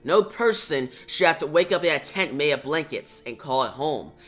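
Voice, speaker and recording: A reviewer reading out a generous, assured wealthy older man in a comic, quiet and measured. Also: medium pitch, expressive, soft background music, voice pushed down, natural voice. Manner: read out plainly, quiet and measured.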